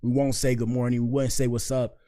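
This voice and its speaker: A man from Miami hosting a casual reaction show, rambling in slang and giving frequent shout-outs. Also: medium pitch, level tone, fairly quick. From Miami, Florida. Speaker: commentary show host.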